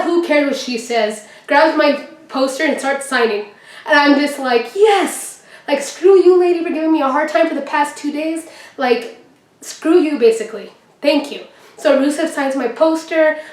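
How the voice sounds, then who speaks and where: Young woman, fairly high voice, chatty storytelling, roomy echo, mic set back from her. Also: distant mic. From Texas. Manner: excited, chatty, acts out quotes. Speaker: vlogger. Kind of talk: casual storytelling.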